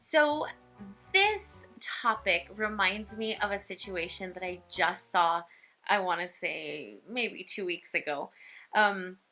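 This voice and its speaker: A woman speech pathologist telling a story from her work in a casual, animated way. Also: medium pitch, slow, music in the background.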